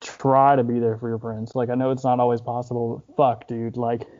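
A man's voice: mid-range voice, little pitch movement, brisk, a little mellow, muffled recording. A young man on a podcast, talking in a loose, rambling way with lots of filler and swearing, sounding grief-stricken and close to tears. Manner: rambling, heavy use of filler "like", frequent swearing. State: grieving, holding back tears. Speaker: podcast host, wrestler. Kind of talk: casual podcast talk.

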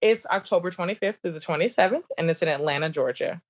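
This woman speaks quickly in a fairly low voice, with a Southern accent; she's in her thirties. As a business coach guest on a podcast, she keeps the casual interview bubbly and chatty, laughing frequently and using many likes and ums. The remote audio is dull and lo-fi.

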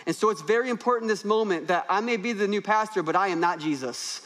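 Young man, pastor, high voice, lively sermon, jokes, builds emphasis. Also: fast. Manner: animated, humorous preaching with rising emphasis. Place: church stage.

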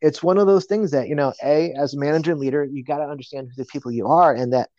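Man telling a story, mellow dull sound. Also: a little high, quick pace, no room sound. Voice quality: frequent "you know" fillers. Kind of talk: casual storytelling.

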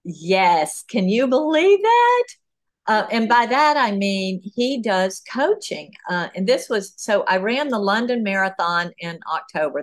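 A woman being interviewed as an author on a podcast, talking through her ideas in an animated way with plenty of fillers. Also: mid-range voice. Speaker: author and guest.

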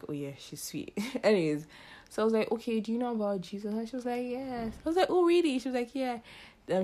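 A young woman, hosting her own podcast in a casual, chatty way, laughing often and acting out quoted dialogue. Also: lowish voice. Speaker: podcast host. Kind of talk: casual chat.

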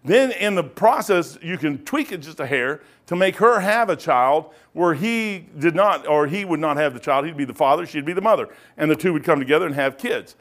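A man's voice: on the high side, animated, normal speed, few pauses, fairly bright tone. A man, a pastor teaching a casual Bible study in a folksy storytelling way. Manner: folksy storytelling, acts out quoted dialogue.

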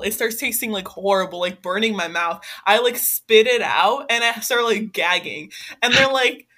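Bright-voiced young woman telling stories. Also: a little high, normal speed. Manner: animated, fillers of "like" throughout. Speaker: podcast guest. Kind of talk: casual storytelling chat.

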